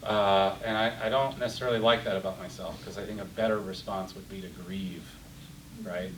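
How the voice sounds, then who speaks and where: A man's voice: deep voice, fairly even intonation, a little fast. A middle-aged man teaching an interactive Bible class, passionate, getting worked up and repeating words. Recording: roomy, distant, faint hiss.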